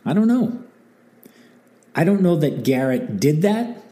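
Mellow-voiced man telling history casually. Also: a little high, unhurried. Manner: animated and wry, acting out quotes, many asides. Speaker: history channel host.

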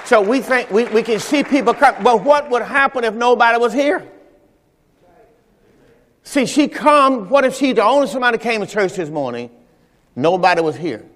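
A man's voice: very high-pitched, expressive, moderate pace, fairly bright tone, some chatter behind. A male pastor a Sunday sermon, speaking conversationally to his congregation and telling personal stories. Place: church sanctuary during Sunday service. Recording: reverberant church hall.

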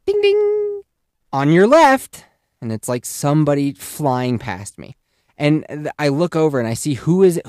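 A young man telling a comedic story on a podcast, animated, swearing and laughing at his own story. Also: on the high side, dry recording, clean studio sound. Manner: exaggerated voices for quoted people. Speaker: podcast host.

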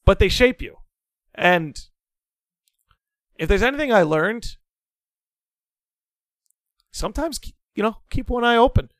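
A young man guesting on a podcast, telling a story in a casual, animated, dramatic way and swearing freely. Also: high voice, a little slow, long pauses, no echo.

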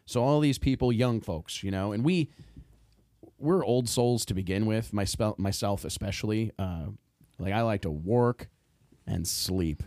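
A man hosting a podcast, telling a story in a casual, animated way, acting out what people said and laughing often. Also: lowish voice, measured pace, dry recording, studio quality. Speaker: podcast host.

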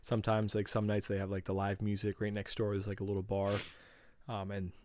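Rambling low-voiced man, dry mic. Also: completely flat delivery, brisk, a little mellow, no echo. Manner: rambling, searching for words with many fillers. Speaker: podcast co-host. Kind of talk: casual food chat.

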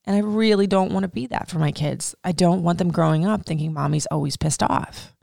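A candid woman in her thirties hosts a podcast, talking through advice in a loose, unfiltered way with plenty of swearing and laughter. Her voice sits a little low with a gravelly fry, and the sound is close and dry. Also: brisk, mellow, no room sound. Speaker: podcast host. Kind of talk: casual advice monologue.

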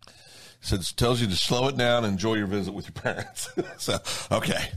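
A man's voice: fairly low pitch, a little fast. A man chatting casually as a co-host, telling self-mocking stories about his driving. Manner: self-deprecating storyteller, animated when quoting. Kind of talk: casual chat.

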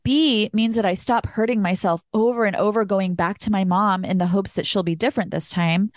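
A woman's voice: mid-range voice, steady tone, fairly quick, dry recording. Podcast host, young woman, mid-range voice, candid and emotional, casual filler words, dry close mic. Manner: candid and emotional, says "like" often, sometimes swears. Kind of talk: personal reflective monologue.

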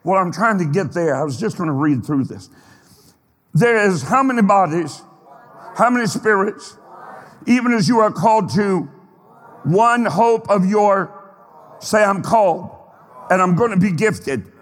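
In a church sanctuary whose hall reverberates around him, a pastor delivers a sermon to his congregation in an expressive voice that sits high. He speaks a little slowly with long pauses, stretching out phrases emphatically and peppering listeners with questions.

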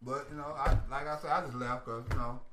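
A man's voice: mid-range voice, steady tone, fast, bright, forceful tone. A man in a casual group chat, speaking bluntly and giving firm advice. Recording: echoey room with faint noise.

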